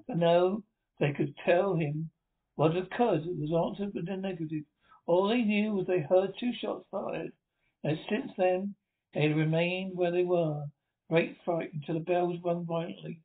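A man's voice: sits high, unhurried. A man reading a gothic novel aloud, stumbling now and then and correcting himself. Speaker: audiobook reader. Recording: tinny phone-like audio.

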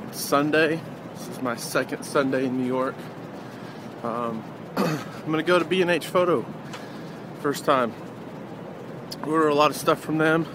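A man's voice: a little high, unhurried. Chatty young man vlogging on city streets. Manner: chatty, hesitant with many ums. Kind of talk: casual daily vlog. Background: traffic and street noise.

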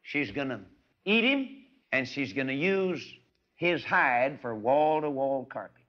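A man preaching a folksy radio sermon, animated and swinging between loud and soft. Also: medium pitch, unhurried. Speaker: evangelist. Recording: dull lo-fi archive radio recording.

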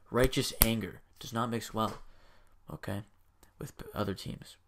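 Young man hyping sports picks, low-pitched. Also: normal speed, a little hiss or hum. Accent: says he has a strange accent. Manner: energetic, hyped bursts. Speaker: video host. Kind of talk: casual sports predictions.

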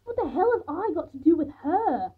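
A woman's voice: on the high side, flat delivery, slow pace, breathy edge. A woman voicing a sarcastic, defiant young woman who snaps back at the people around her, read aloud from a storybook. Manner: snappy and sarcastic. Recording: tinny phone-like sound.

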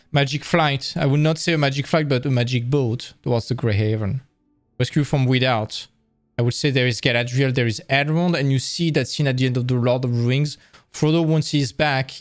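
A man's voice: mid-range voice, no room sound, studio quality. A man presenting a live-streamed lecture, explaining in a casual, enthusiastic way with frequent restarts.

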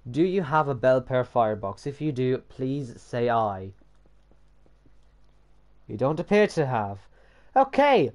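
A man's voice: mid-range voice, muffled recording. A young man giving casual gameplay commentary while building, sweary and sarcastic, often muttering to himself. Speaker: gamer building in a block game.

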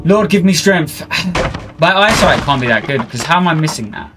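A man's voice: a little high, expressive, moderate pace. Exasperated man ranting over game music. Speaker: streamer. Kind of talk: live gameplay commentary. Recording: game music playing underneath.

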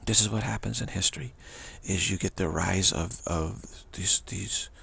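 Gravelly low-voiced man, rambling commentary. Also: fairly even intonation, a bit bright. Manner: chuckling, halting, with many restarts. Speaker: spiritual commentator.

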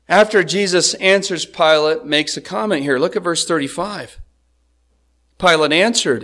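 Male pastor with a high voice, preaching in an easy, chatty way that keeps drawing the congregation in. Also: moderate pace, fairly bright tone. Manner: conversational, asks the congregation "right?". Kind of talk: expository sermon.

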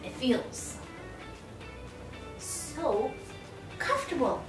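A woman of thirty in a casual birthday vlog, gushing and gasping with excitement as she unpacks and tries on outfits. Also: high-pitched, a little slow. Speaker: vlogger. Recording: echoey room, mic at a distance, loud music. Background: music.

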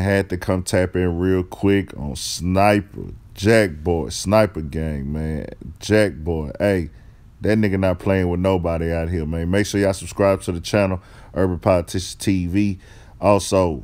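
A man hosting a commentary vlog, talking in a relaxed, slangy way to his viewers. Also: sits low. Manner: laid-back slangy talk, calls listeners dog. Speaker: host.

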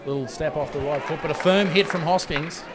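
Excitable man calling rugby league. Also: a little high. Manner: rapid, excitable, jokey play-by-play. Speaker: play-by-play commentator. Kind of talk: live rugby league commentary. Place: commentary box at an outdoor ground. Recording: loud crowd and outdoor noise.

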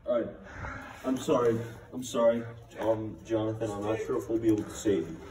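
A man's voice: lowish voice, fairly even intonation, fairly quick, a crowd in the background. A young man joking crudely with his friends outdoors. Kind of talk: casual banter. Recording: echoey and distant.

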